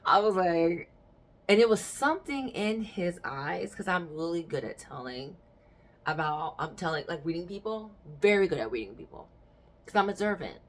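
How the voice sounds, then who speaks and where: A woman's voice: on the low side, expressive, normal speed. A young adult woman hosting a podcast, chatting casually and telling stories frankly with bursts of laughter. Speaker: podcast host.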